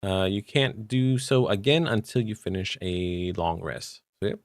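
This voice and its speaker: A man co-hosting a podcast, chatting casually about tabletop game rules with relaxed fillers. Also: deep voice, unhurried, no echo, studio quality. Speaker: podcast co-host.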